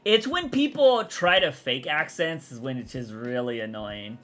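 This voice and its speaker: A young man talks loosely into his stream, wandering from thought to thought as he answers chat. His voice sits at an ordinary middle pitch, and soft music plays faintly behind him. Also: lively intonation, normal speed. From Texas. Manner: rambling, chatty, answers chat aloud. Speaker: livestreamer. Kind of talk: casual livestream chat.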